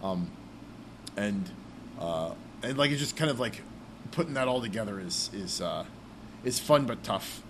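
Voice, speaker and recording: A male podcast host chats casually, rambling with lots of fillers, then reads the show's sign-off. His voice is on the low side and animated, with a measured pace, frequent pauses and a noisy background.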